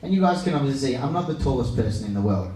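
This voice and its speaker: A man's voice: mid-range voice, expressive, racing, warm tone, far from the mic. A young man hosting a comedy night as MC, brash and teasing the crowd, swearing freely. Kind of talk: stand-up crowd work. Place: pub function room on stage. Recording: echoey room, mic from afar, crowd.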